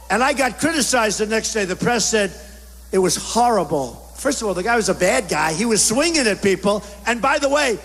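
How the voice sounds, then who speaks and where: A man's voice: high voice, fairly bright tone. A man giving a campaign rally speech in punchy, repetitive short phrases, bombastic and rousing. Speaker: political speaker at a rally. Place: large indoor rally venue. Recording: echoey hall with faint crowd noise.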